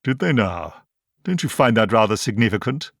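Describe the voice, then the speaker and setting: A man voicing a calm, self-assured eccentric time traveller in an audiobook, brisk and authoritative. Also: lowish voice, vocal fry, no room sound, clean studio sound, heavily acted.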